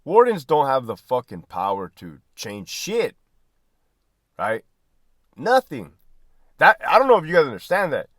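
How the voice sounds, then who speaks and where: A man's voice: mid-range voice, wildly swooping pitch, a little slow, long pauses, no echo, clean studio sound. A man who was a prison lieutenant, talking bluntly and profanely to viewers, often tagging "right?" and "man". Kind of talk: candid casual monologue.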